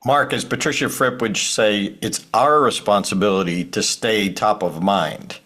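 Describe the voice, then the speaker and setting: A man's voice: lowish voice, measured pace, fairly bright tone. A man co-hosting a casual podcast, asking a guest questions and adding practical tips in a friendly way. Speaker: podcast co-host.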